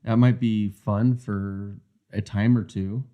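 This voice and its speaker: A man's voice: lowish voice, steady tone, slow, warm tone. A man co-hosting a marriage coaching podcast, talking in an earnest, reflective way. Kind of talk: casual podcast conversation. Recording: dull, muffled lo-fi sound.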